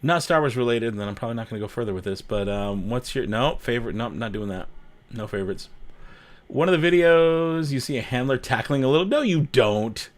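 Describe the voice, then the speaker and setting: A man's voice: mid-range voice, expressive, fairly quick. A man hosting a casual livestream, chatting with viewers and reading their comments, joking, laughing often and repeating himself. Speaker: livestream host.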